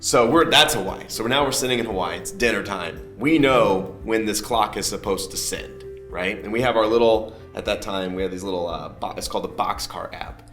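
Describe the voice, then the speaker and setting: A man telling a story as a guest in a conversational interview, animated and quick to laugh. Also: lowish voice, reverberant, faint music behind. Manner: animated, acts out other people's lines, laughs often.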